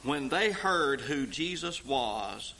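Male preacher, slow deliberate delivery, bright ringing tone, emphatic sermon cadence. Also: medium pitch, expressive, slight background noise, poor audio. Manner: slow, rising to intoned emphatic peaks.

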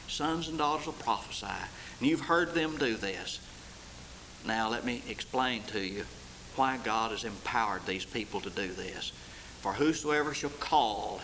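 A man preaching a sermon, rising to loud, high, stretched-out lines and then falling back low and quiet. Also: a little hiss or hum, poor audio.

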